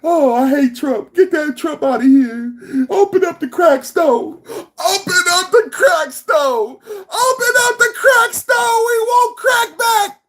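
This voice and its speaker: A woman in her fifties voicing a whiny street thug who wails and cries for crack. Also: slow. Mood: wailing. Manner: high wailing, crying and shouting.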